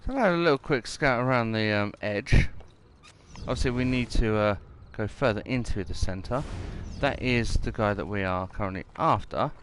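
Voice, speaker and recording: A man's voice: lowish voice, moderate pace, a bit bright, a little hiss or hum. A man giving casual, rambling gameplay commentary and reading mission text aloud.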